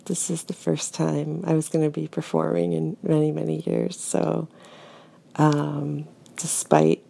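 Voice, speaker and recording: A young woman telling a story to a coworker in casual spoken role-play, hesitant with many ums and soft laughs. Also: low voice, gravelly.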